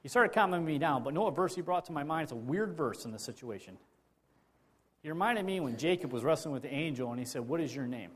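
Male pastor, sermon, chatty storyteller, slightly high voice, lots of restarts. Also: animated, quick pace, husky. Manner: conversational storytelling with many restarts and repetitions.

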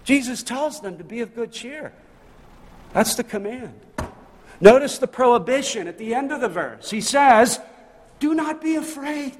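A male pastor preaches a sermon in a church sanctuary, his voice very high-pitched and expressive at a moderate pace. He is emphatic and fills his delivery with rhetorical questions, and the recording carries a big-room sound.

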